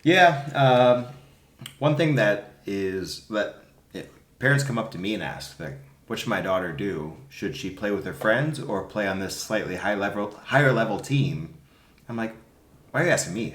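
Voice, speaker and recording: Podcast coach, a man with a lowish voice, emphatic and animated, roomy echo. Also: moderate pace. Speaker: youth soccer club coach. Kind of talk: casual podcast chat.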